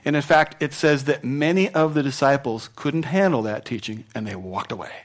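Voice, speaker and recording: A man's voice: medium pitch, normal speed. A man pastor preaching a sermon in a conversational way, repeating words and often checking in with the congregation.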